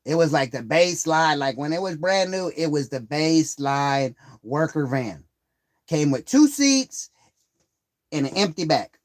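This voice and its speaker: A man with a fairly high voice rambles through a story on a live stream. He swears in nearly every sentence and turns heated and loud as he relives an old grievance. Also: big pitch swings, measured pace. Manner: profane, rambling, swears constantly; heated and worked up while retelling a grievance.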